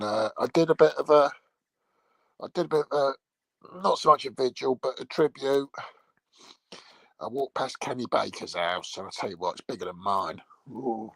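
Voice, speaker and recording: Gravelly man rambling crudely. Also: lowish voice, expressive, moderate pace, long pauses, a bit bright, no room sound. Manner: crude, rambling, laughs at his own jokes. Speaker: vlogger. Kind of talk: casual rambling monologue.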